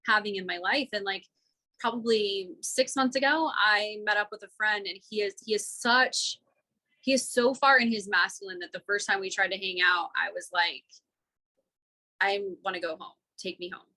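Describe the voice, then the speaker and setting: A woman guest on a podcast, speaking in a bright, clear tone. She rambles candidly, stringing thoughts together with plenty of filler words. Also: mid-range voice, steady tone, moderate pace, rough recording. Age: adult, single mother. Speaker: guest, women's coach. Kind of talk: casual podcast conversation.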